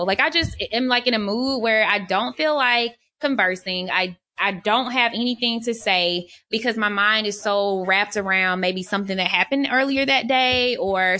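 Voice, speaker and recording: A woman's voice: mid-range voice, pushed and bright. A woman on a podcast talking openly and reflectively about herself. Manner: open, reflective, chatty. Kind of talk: casual chat.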